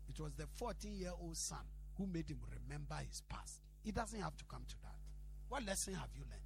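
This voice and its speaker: A man's voice: on the high side, lively intonation, brisk, vocal fry, darkish tone, a little hiss or hum. A male pastor, preaching a sermon and telling a story, switching between Twi and English and building to emphatic peaks.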